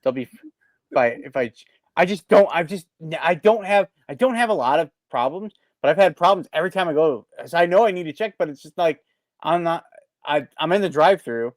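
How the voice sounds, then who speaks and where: Rambling, animated podcast man. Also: fairly high pitch, fairly quick, no echo. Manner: rambling, animated storytelling with frequent restarts. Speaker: podcast co-host. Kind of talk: casual chat.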